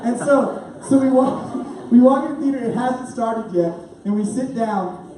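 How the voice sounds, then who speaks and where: A young man telling a story in a youth sermon, animated and laughing, full of "like" fillers. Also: extremely high pitch, measured pace, noisy background. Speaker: youth pastor. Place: church youth room. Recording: very echoey room, speaker far off.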